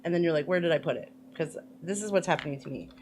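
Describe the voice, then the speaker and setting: A woman's voice: low voice, fast talker, a little mellow, slight background noise. A woman chatting casually through a makeup tutorial, rambling with lots of fillers and playful asides. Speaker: makeup vlogger.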